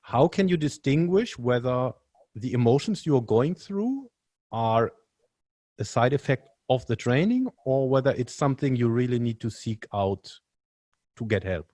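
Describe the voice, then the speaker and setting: A male podcast host with a mid-range voice and a dry, close sound. He feels his way through his questions, pausing and restarting as he finds the words. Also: mid-range voice, expressive, warm tone, no echo. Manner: halting, searching for words while asking. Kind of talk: casual interview questions.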